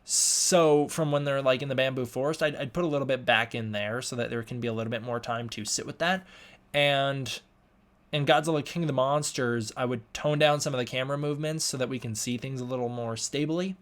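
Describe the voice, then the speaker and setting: A man's voice: mid-range voice, steady tone, fairly quick, a bit bright. Young man reading chat aloud, stumbling. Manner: reads chat comments aloud, stumbling and restarting. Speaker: livestream host answering chat questions. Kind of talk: casual live chat.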